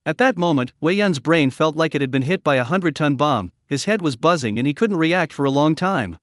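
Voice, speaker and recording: Animated male recap narrator. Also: a little high, brisk, few pauses, dry recording, clean studio sound. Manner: dramatic, emphatic storytelling.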